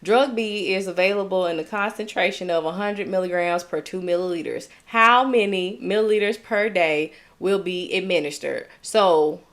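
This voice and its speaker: A young woman with a Southern US accent, tutoring nursing students on a live stream, chatty and upbeat, reading chat comments and checking in with "okay?". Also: on the low side. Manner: upbeat, chatty, drawn-out explaining with frequent "okay?".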